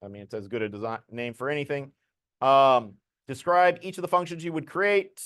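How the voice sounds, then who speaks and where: A man's voice: medium pitch, a little fast, fairly bright tone, clean tone, no echo, studio quality. A man teaching a programming lesson to a class, explaining code casually as he demonstrates it.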